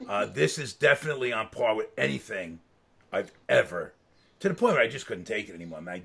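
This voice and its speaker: A middle-aged man with a gravelly, husky voice telling casual stories as a guest. He talks in an animated, loose way, laughs mid-sentence, and swears freely. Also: fairly low pitch, brisk. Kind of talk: casual storytelling.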